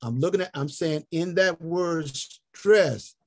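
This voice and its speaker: A man teaching a health ministry group over an online call, slowly spelling out and repeating words as he invites answers. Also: fairly high pitch, a little mellow. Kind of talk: interactive online teaching talk.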